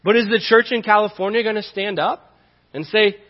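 A pastor preaches a sermon in a church sanctuary, impassioned yet conversational and rising to emphatic peaks. His voice is high, expressive and at normal speed, recorded with the dull reverberation of a church hall.

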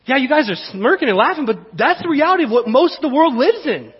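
Male pastor, high husky voice, chatty animated sermon, long church reverb on a dull recording. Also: fast, few pauses. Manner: conversational, animated preaching with repetitions.

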